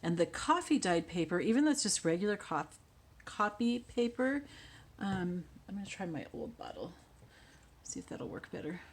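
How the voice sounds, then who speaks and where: A woman hosting a casual crafting tutorial, chatting and thinking aloud as she works, often dropping to quiet mutters. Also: on the low side, sing-song, moderate pace, slightly rough.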